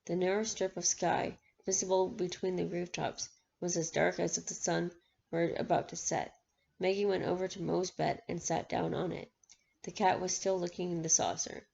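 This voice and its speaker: Gravelly-voiced woman reading a novel aloud. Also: on the low side, a little mellow. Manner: quick reading with frequent stumbles and self-corrections. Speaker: book channel reader. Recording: dull lo-fi recording.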